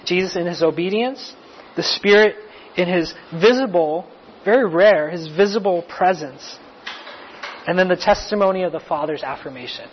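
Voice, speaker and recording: A man's voice: sits high, normal speed, a little hiss or hum. A man preaching a sermon as pastor, explaining a passage in a conversational way with restarts and light asides. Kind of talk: sermon teaching. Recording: muffled lo-fi recording.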